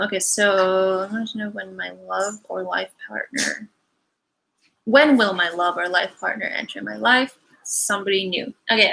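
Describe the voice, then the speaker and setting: Bright-voiced young woman rambling on a stream. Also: medium pitch, vocal fry, low-quality recording. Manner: rambling, many fillers, apologetic asides. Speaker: angel card reader hosting a live Q&A. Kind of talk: casual livestream chat. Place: her home, animals around.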